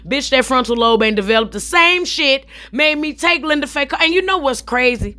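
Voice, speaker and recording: A young adult woman telling a story in a vlog, in an animated, profane and sassy way, talking straight to her viewers. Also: high-pitched, moderate pace, few pauses. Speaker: comedian telling a story while styling her hair.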